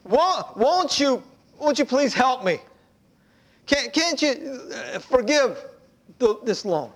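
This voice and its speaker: A man's voice: very high-pitched, very animated, takes it slowly, a bit bright, pitched above the performer's own voice, exaggerated voice. Man doing a stammering, panicked debtor. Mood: pleading. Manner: stammering, pleading. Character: panicked male debtor begging for mercy.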